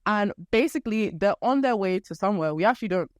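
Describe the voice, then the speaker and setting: A young woman hosts her podcast in a relaxed, chatty way, retelling a story playfully and slipping into quick character quotes. Her voice sits at a middle pitch. It is recorded close and dry, with no room sound. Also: dry recording. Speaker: podcast host. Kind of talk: casual storytelling chat.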